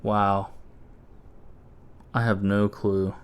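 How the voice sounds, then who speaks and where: A man's voice: lowish voice, flat delivery, drawn-out words, smooth. A man hosting a gameplay channel, rambling casually as he comments on the game. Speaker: gaming channel host. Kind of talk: casual let's-play commentary.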